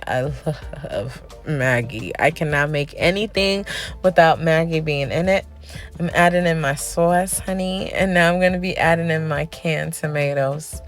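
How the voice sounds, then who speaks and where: A young woman narrating a casual cooking video, chatty, often tagging her lines with "okay?" and "honey". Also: low voice. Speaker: cooking vlogger.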